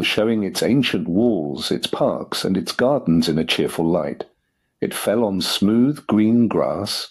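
A man narrating an audiobook for English learners in a measured, formal way. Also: sits low, slightly rough.

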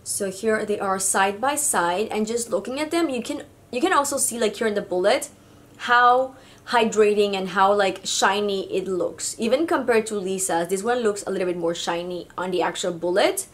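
A woman's voice: medium pitch, moderate pace. A woman from Mexico with a Mexican Spanish accent, giving a chatty, gushing makeup review full of fillers. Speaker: beauty vlogger.

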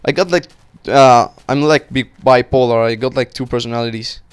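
Excitable young man, smooth voice. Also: medium pitch, normal speed. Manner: excitable, swearing, talks to himself while playing. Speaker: gaming channel host. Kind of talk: casual gameplay commentary.

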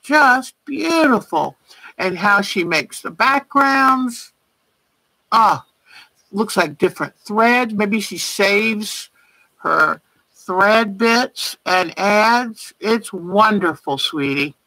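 A woman's voice: medium pitch, lively intonation, extremely slow, bright, forceful tone, no echo, low-quality recording. A woman hosting a casual quilting livestream, chatty and gushing with praise as she shows viewers' work by name. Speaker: quilting show host. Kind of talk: casual livestream show-and-tell.

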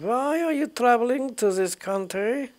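A man's voice: expressive, measured pace. A man voicing a stern male border guard with a mock German accent, barking commands. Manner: shouted commands, loud and high.

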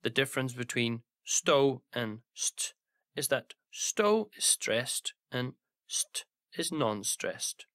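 A man teaching a language lesson in scripted narration, giving careful, slow pronunciation examples. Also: medium pitch, sing-song, a bit bright, no echo, clean studio sound.

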